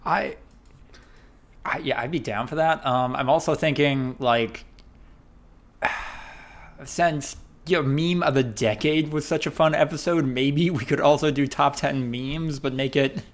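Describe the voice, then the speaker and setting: A man's voice: mid-range voice, fairly even intonation, unhurried, pauses often. A man co-hosting a podcast who chats casually and runs a news segment with an upbeat, semi-scripted delivery. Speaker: podcast co-host.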